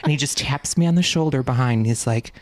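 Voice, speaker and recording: A woman's voice: very deep voice, fast, slight background noise. A woman co-hosting a podcast in a studio, telling stories casually and swearing freely. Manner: animated storyteller, swears freely. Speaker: podcast co-host.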